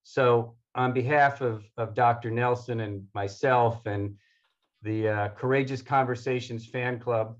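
A man hosting a conversation, giving earnest, halting closing thanks and often repeating words. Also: mid-range voice, steady tone. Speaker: host. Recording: dull, lo-fi.

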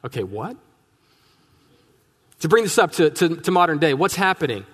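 Male pastor: fairly high voice, joking conversational sermon, long reverb of a church sanctuary. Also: big pitch swings, normal speed, fairly bright tone, husky. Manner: humorous, conversational preaching with rhetorical asides.

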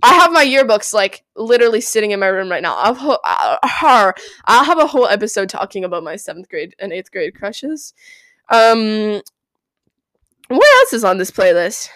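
A young woman hosting a casual solo podcast, rambling and giggly, breaking into squeals and yells. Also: medium pitch, big pitch swings, moderate pace, no echo. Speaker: podcast host.

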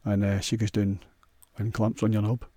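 A man's voice: on the low side, completely flat delivery, moderate pace, dark tone, dry recording. A man with a Scottish accent hosting a solo podcast, rambling in a crude, sweary, offhand way. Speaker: podcast host.

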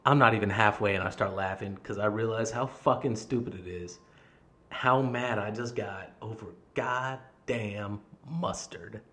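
A man's voice: lowish voice, unhurried. Profane, heated male podcast host. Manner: heated, profane storytelling with frequent swearing; reenacts his own yelling in the quotes. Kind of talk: casual storytelling monologue.

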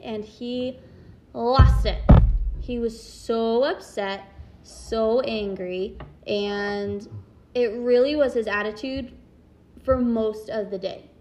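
Candid chatty mom talking it through. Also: female voice, on the high side, fairly even intonation, slow pace, background noise. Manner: candid, self-reflective, chatty with many "like" fillers. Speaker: parent sharing reflections. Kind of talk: casual monologue.

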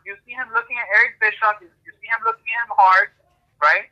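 A man hosting a podcast, telling an animated story in casual chat with lots of fillers. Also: high-pitched, fast talker, dull audio. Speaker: podcast host.

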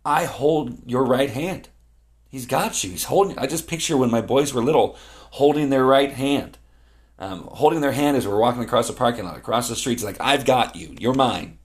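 A man's voice: mid-range voice, moderate pace. Earnest middle-aged male pastor preaching. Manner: earnest, conversational, repeats key phrases for emphasis. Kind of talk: sermon teaching from scripture.

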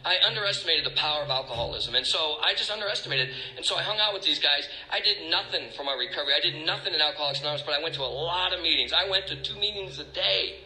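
A man's voice: a little high, rapid-fire, few pauses, pushed and bright. A man telling his own recovery story candidly, with blunt, self-mocking humor. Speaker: speaker sharing a recovery story. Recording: echoey room.

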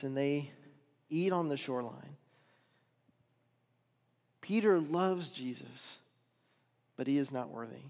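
Male preacher telling a story in a reverberant hall. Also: medium pitch. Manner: dramatic swings from loud to hushed. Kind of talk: sermon storytelling.

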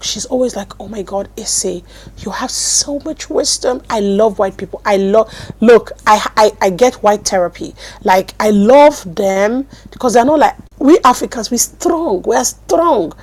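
An apostle and teacher from Nigeria delivers a sermon at a desk microphone, her animated storytelling jumping from loud bursts to hushed words. Her voice is fairly high and husky.

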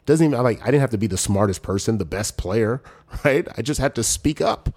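A man's voice: a little fast, husky. A man in his forties, a former pro football player, telling stories as a podcast guest and acting out what people said. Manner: animated, acts out quoted voices with big pitch jumps. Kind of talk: casual storytelling chat.

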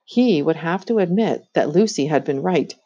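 A woman reading a children's story aloud with expressive, animated narration. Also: sits low, normal speed, slightly rough. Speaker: audiobook reader. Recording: dull lo-fi recording.

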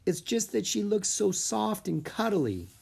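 A reader voicing a cheerful, animal-loving young girl in an audiobook, raspy at the edges. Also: mid-range voice, unhurried, voice pushed up, full character voice. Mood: eager. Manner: bright and excitable. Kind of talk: storybook read-aloud.

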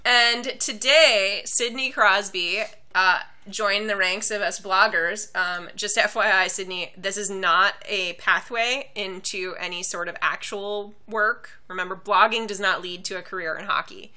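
A woman's voice: medium pitch, steady tone, measured pace, few pauses, sharp tone, clear, resonant tone. A woman co-hosting a podcast, chatting casually and reading a post aloud in a plain voice. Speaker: podcast co-host. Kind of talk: casual hockey podcast chat.

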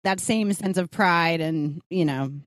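Low-voiced, easygoing woman chatting. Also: a little slow, no room sound. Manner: easygoing, laughs along. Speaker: former dancer in a conversation. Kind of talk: casual chat.

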